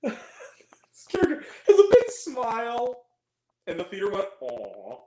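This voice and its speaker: A man tears into a film in a sarcastic, exasperated review, his pitch swooping widely as he rants. His laughter slips in at the absurd parts. The voice carries a roomy echo. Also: very animated, unhurried, warm tone. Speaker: movie reviewer.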